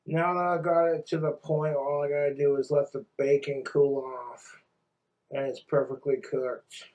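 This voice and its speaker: A man's voice: fairly high pitch, little pitch movement, moderate pace, a little mellow, low-quality recording. A man talking casually to the camera while he cooks, frustrated with himself, scolding himself and swearing a lot. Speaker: cooking vlogger. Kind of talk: casual cooking vlog.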